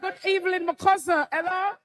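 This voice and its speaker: A woman with a Jamaican accent hosting a live telethon, bantering in lively patois-laced talk. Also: very high-pitched, brisk. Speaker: telethon host.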